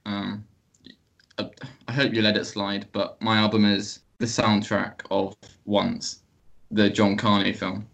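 A man's voice: on the low side, monotone, a little slow, vocal fry, a bit bright. A man co-hosting a podcast, joking and teasing in casual chat. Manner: jokey, teasing. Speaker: podcast co-host.

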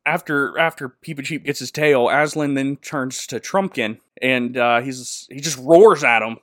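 A man's voice: mid-range voice, a little slow, a bit bright, dry recording, clean studio sound. A man giving a jokey, slangy recap of a movie plot, laughing often. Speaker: podcast host.

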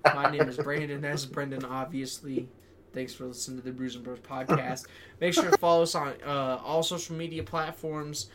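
A man's voice: medium pitch, steady tone, moderate pace, heavy background noise. A young man hosting a podcast, chatting crudely and ranting with lots of swearing. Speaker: podcast host. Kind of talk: casual chat.

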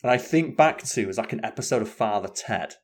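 A man chatting casually as a podcast co-host, telling stories in an animated, sweary way. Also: on the low side, fairly quick. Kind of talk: casual chat.

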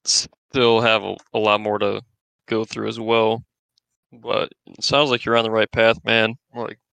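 A man's voice: lowish voice, level tone, unhurried, creaky, bright, forceful tone, smooth, no room sound, low-quality recording. A young man in his twenties on a podcast, giving brief easygoing encouragement. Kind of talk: casual chat.

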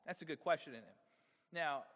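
Male pastor, high-pitched and animated, asks the room questions; big church reverb. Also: fairly quick. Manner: engaging, asks the congregation frequent rhetorical questions. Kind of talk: sermon.

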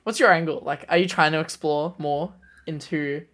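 A man on a podcast, talking quietly in casual chat and laughing a lot. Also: fairly high pitch, steady tone, normal speed, a crowd in the background. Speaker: podcast co-host.

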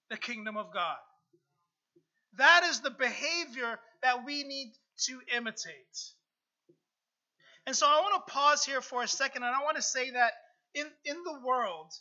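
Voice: high voice, pushed and bright, dull audio. A pastor preaching a sermon and reading scripture, earnest, repeating phrases and asking "right?" often. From United States.

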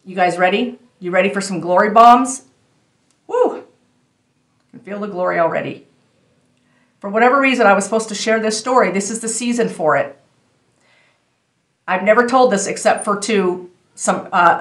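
A woman shares a faith testimony in a casual, earnest, animated way, speaking straight to her viewers. Her voice sits at a middle height. The room gives her voice a noticeable echo. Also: medium pitch, moderate pace, long pauses. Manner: earnest, animated storytelling that addresses viewers directly. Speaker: storyteller sharing a faith testimony.

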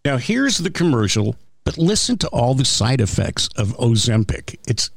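A man's voice: mid-range voice, very animated, normal speed, vocal fry, noisy background. Playful male podcast co-host. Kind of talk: casual comedic chat.

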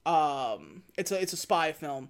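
A woman's voice: low voice, very animated, measured pace, gravelly. Chatty woman reviewing a movie. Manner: chatty, self-deprecating, many fillers and restarts. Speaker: podcast co-host reviewing movies. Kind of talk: casual chat.

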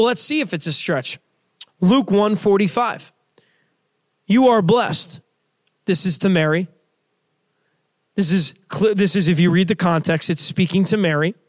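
Young male preacher, high voice, loose conversational delivery with lots of fillers. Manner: casual, conversational preaching with many fillers and restarts. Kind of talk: sermon.

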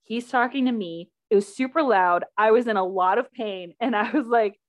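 Young woman, podcast host, fairly high voice, animated casual storyteller who laughs often and plays out every quote. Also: moderate pace.

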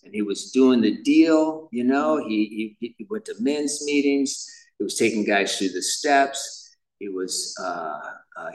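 A man's voice: on the low side, recorded from a distance, poor audio. A man speaking at a recovery meeting, telling his personal story in a casual, self-deprecating way, sprinkled with "man" and "you know". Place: meeting room.

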